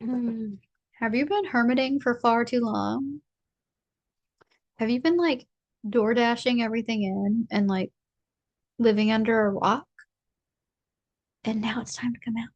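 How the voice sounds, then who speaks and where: A fairly high-voiced woman talks through a casual tarot reading in a chatty, rambling and playful way. She sounds close and dry, with no room around her voice. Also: unhurried, pauses often, a little mellow, no room sound, lo-fi sound. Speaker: tarot reader.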